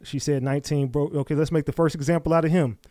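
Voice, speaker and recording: A man with a slightly raised pitch argues with his live chat, bluntly and profanely, insisting he is right. His voice is dry and close to the microphone, with no room sound. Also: steady tone, quick pace, warm tone, no echo. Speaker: streamer reacting to clips. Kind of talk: casual reaction commentary.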